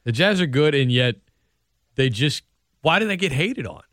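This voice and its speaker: A man hosting sports talk radio in casual chat, animated and laughing often. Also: a little high, moderate pace, no room sound, studio quality.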